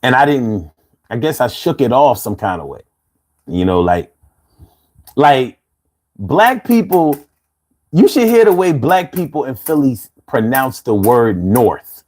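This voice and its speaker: A man's voice: medium pitch, sing-song, unhurried, long pauses, darkish tone. A man in his fifties from Philadelphia with a Philly accent, hosting a laid-back live chat, reading out comments and laughing often. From Philadelphia, USA. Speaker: livestream host.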